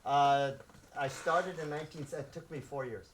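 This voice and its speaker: A man in his sixties who grew up in Los Angeles, a martial arts instructor telling stories to his students and acting out the shouts, laughing often. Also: on the high side, moderate pace, a little hiss or hum. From South Central Los Angeles. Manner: animated, acts out shouts and quotes, laughs often. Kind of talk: storytelling to students.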